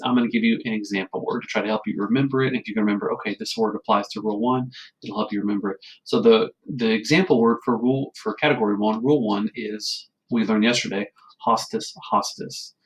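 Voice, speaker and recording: Man, teacher, recorded lesson; patient, steady explainer with a mid-range voice. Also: medium pitch, fast talker, poor audio. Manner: patient, explanatory, frequent "okay?" check-ins. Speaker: Latin teacher. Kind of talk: recorded classroom lecture.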